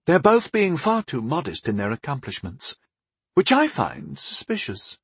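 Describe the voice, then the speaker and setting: A man's voice: huge pitch swings, a little slow, creaky, fairly bright tone, breathy edge, dry recording, full character voice. A man doing a wry, suspicious woman mage. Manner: wry, raised pitch. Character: wry, sharp female mage, suspicious and dry.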